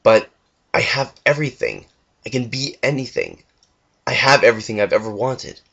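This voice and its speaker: A man's voice: mid-range voice, huge pitch swings, moderate pace, vocal fry, slightly rough, exaggerated voice. A man voicing a broken young pony stallion. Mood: torn. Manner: quiet, strained and pleading. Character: young male pony, broken, wingless and anguished. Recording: dull lo-fi home recording.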